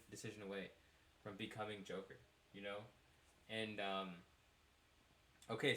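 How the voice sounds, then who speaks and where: A young man hosting a podcast, telling a rambling travel story in a casual, animated way and laughing at himself. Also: mid-range voice, reverberant. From United States. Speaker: podcast host.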